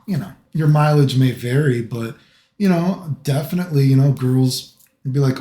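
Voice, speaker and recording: A middle-aged American man talks in a loose, rambling monologue, leaning on filler phrases again and again. His voice sits at an ordinary middle pitch. The room around him rings with noticeable echo. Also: expressive, normal speed, mellow. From United States. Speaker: vlogger.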